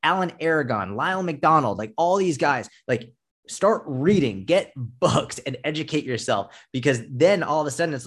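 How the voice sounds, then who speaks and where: A man's voice: mid-range voice, expressive, a little fast. Blunt, profane male fitness coach. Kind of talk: casual podcast interview.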